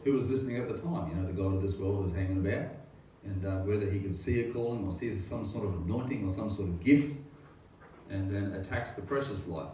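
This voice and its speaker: This is a middle-aged pastor with a low, dark-toned voice, earnestly and ramblingly sharing his testimony of faith and asking rhetorical questions. The sound comes from a very echoey room through a distant mic, with faint noise.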